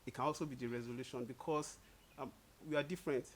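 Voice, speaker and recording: A young man talking casually with his partner, easygoing and quick to laugh, acting out little quotes as he tells stories. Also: mid-range voice, steady tone. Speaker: co-host. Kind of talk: casual couple chat.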